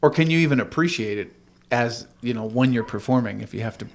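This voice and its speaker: A man's voice: medium pitch, gravelly, slight background noise. A man co-hosting a podcast, joking around in casual chat with friends. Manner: animated, jokey, quick to laugh. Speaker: podcast co-host.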